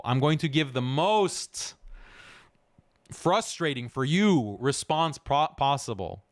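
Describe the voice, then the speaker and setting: A male host delivering commentary in a scornful, emphatic tone, laughing often. His voice sits at a middle pitch. The sound is close and dry. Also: dry recording. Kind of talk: commentary reaction show.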